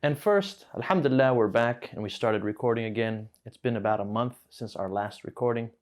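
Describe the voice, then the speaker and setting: Patient man teaching at a whiteboard. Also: mid-range voice. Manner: patient, explains slowly and repeats words. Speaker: Arabic teacher. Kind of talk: classroom lesson at a whiteboard.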